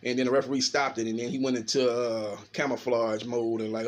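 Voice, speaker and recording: Fast-talking man breaking down a boxing fight. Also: mid-range voice. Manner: fast, animated, filler-heavy talk with repeated "man". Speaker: boxing commentator. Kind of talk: casual boxing analysis.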